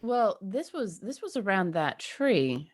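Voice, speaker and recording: A woman's voice: medium pitch, big pitch swings, slow pace. A woman playing a tabletop game, making dry, wry remarks. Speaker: player. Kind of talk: casual tabletop play.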